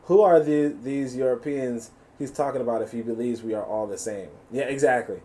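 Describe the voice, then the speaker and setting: A man with a New York accent giving animated, profane live reaction commentary. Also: mid-range voice, fairly quick. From USA. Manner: animated, profane, laughing asides. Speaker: reaction streamer.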